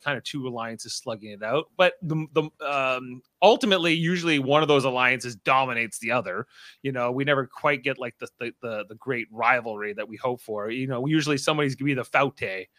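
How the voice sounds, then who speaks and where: Bright-voiced man chatting loosely. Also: mid-range voice, no echo. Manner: rambling, many fillers and restarts; acts out quoted people in a raised voice. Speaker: podcast co-host. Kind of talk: casual chat.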